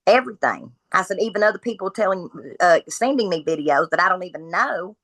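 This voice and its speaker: A woman's voice: fairly low pitch, a little fast, dry recording, rough recording. A woman, a podcast guest telling her story from home, bluntly acting out what each person said. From Kentucky. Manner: blunt, animated retelling of dialogue.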